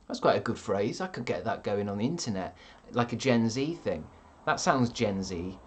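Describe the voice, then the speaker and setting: A man in his thirties, a streamer chatting casually and reading out viewer comments in a deadpan, sardonic way with plenty of swearing. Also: lowish voice, normal speed, few pauses.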